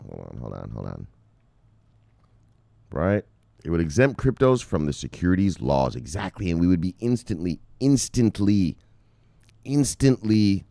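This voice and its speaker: A man from Canada vlogs about crypto news in a low, lively voice that leaps up and down as he gets worked up. He swears freely, repeats phrases and calls his viewers brothers. The sound is dry and close, with no room echo. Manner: excitable, profane, repeats himself, addresses viewers as brothers. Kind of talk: animated profane crypto commentary.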